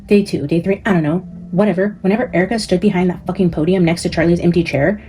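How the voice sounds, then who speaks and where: Speaking fast in a warm, fairly low voice with fairly even intonation, a psychic vlogger vents to viewers on her channel. Her commentary is casual and profane, peppered with "like" and "guys."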